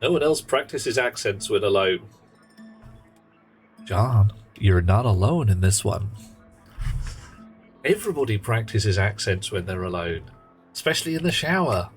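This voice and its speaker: A man's voice: fairly low pitch, big pitch swings, a little slow, long pauses, soft background music, low-quality recording. A man giving casual, rambling commentary while streaming a game, wry and full of playful asides. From England. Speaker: livestreamer.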